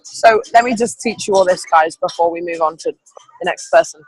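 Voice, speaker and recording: A woman runs an online team training session over a video call, encouraging and chatty with plenty of fillers. Her voice has a slightly husky texture, and the sound is dry with no room around it. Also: lowish voice, moderate pace, dry recording, faint music behind, low-quality recording. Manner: upbeat, encouraging, rambling with fillers. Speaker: team leader.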